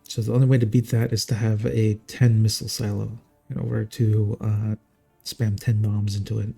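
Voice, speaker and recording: A man's voice: fairly low pitch, little pitch movement, moderate pace, creaky, warm tone, husky, soft background music. A man casting a strategy game live in a casual, jokey, chatty way. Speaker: game caster.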